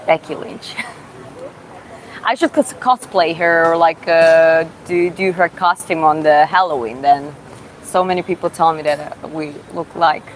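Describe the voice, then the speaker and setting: A woman with a Georgian accent and a slightly low voice runs a casual live Q&A. She reads viewers' questions aloud and answers in halting, self-taught English. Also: a little hiss or hum, rough recording. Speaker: livestreamer answering chat questions.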